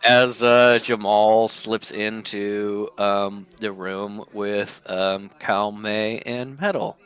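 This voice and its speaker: A man's voice: lowish voice, fairly even intonation, very slow, a bit bright, clear, resonant tone. A man playing a tabletop game on a voice call, speaking in character and narrating his moves, hesitant with many fillers and restarts. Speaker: tabletop player.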